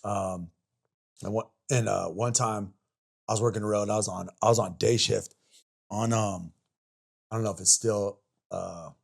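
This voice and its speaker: Man, forties, low gravelly voice, rambling profane storytelling, casual podcast chat. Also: fairly even intonation, moderate pace, long pauses. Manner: rambling, profane, lots of fillers and restarts. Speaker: podcast guest, army veteran.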